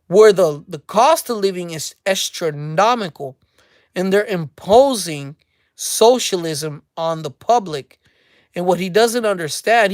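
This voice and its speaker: A woman's voice: medium pitch, no room sound, clean studio sound. A woman hosting a casual commentary rant, mocking and speculative, repeating her phrases for emphasis. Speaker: commentary channel host.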